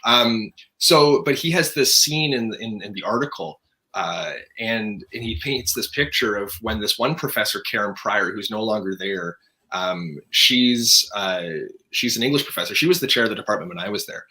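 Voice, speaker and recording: Bright-voiced young man, earnest and emphatic. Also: lowish voice, expressive. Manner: earnest, emphatic, talks in quick bursts with restarts. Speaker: interview guest. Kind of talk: casual conversation.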